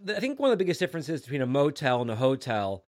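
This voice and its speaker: A man co-hosting a casual chat, jokey and animated. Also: mid-range voice, fast, no room sound, studio quality. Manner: animated, jokey, acts out quotes. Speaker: podcast co-host. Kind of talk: casual chat about a comic.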